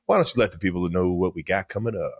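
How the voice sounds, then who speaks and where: A man's voice: deep voice, fast. A man in his thirties from Ohio, co-hosting a casual podcast chat in a laid-back way, laughing easily and hyping the show. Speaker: podcast co-host.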